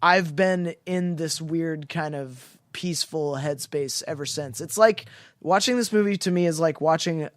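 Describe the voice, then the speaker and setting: A man co-hosting a film podcast, talking in a rambling, halting way with frequent restarts as he searches for words. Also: on the high side, dry recording, studio quality. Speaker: podcast co-host. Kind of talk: casual film discussion.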